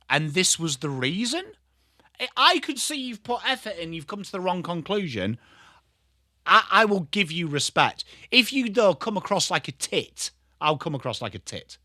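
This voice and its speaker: A man's voice: high-pitched, sing-song, normal speed, bright, forceful tone, no room sound, studio quality. An English man hosting a live football watchalong stream, chatting bluntly with viewers by name between calls on the play. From England. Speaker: livestream host.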